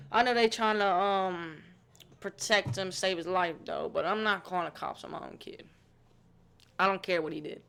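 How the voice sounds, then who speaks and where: A man's voice: high-pitched, fairly bright tone, smooth. A man hosting a reaction video, talking bluntly and casually with lots of swearing. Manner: blunt, profane, emphatic.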